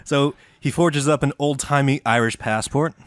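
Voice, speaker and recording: A man's voice: medium pitch, normal speed, dry recording. A man hosting a comedy history podcast, telling the story in a casual, profane, joking way. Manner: profane, jokey, acts out quotes.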